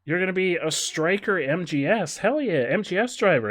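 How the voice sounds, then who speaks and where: A man streaming a video game with a stuffy nose, chatting casually, reading the game's dialogue aloud, and greeting his chat in a loud, high, animated voice. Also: moderate pace.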